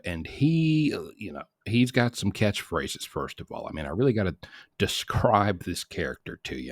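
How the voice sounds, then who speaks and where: A man's voice: sits low, no echo, clean studio sound. A man hosting a casual morning podcast from a small hot room at home, talking in a rambling, chatty way that corrects itself as he goes. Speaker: podcast host. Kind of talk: casual chat.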